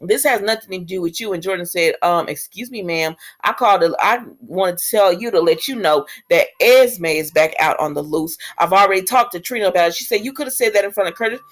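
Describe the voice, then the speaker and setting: A woman's voice: on the low side, fairly quick, few pauses. A woman casually recapping a soap episode, acting out the characters' lines and laughing at the drama. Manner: animated, laughs often, acts out characters' lines in quoted voices. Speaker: soap opera recap vlogger.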